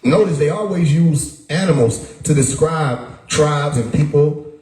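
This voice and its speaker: A man's voice: on the high side, measured pace, darkish tone. Emphatic man talking in an echoey room. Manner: emphatic, repeats words, rhetorical questions. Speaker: livestream host. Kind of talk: casual livestream monologue.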